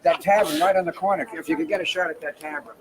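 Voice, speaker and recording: A man's voice: fairly high pitch, steady tone, quick pace. A man bantering playfully and teasing a colleague on a film set. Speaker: talent manager. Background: crowd.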